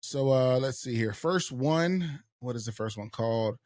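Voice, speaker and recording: A man's voice: mid-range voice, animated, unhurried, darkish tone, dry recording, clean studio sound. A man co-hosting a pop culture podcast, chatting casually and hyping up his viewers to weigh in. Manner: hyped, eggs on the chat audience. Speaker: podcast co-host.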